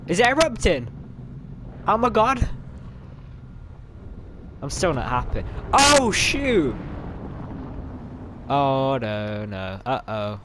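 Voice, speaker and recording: A young man giving excitable live commentary over his gameplay, yelling at other players and grumbling when things go wrong. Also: mid-range voice, slow, long pauses, a little hiss or hum. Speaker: gamer. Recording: game sounds loud behind voice.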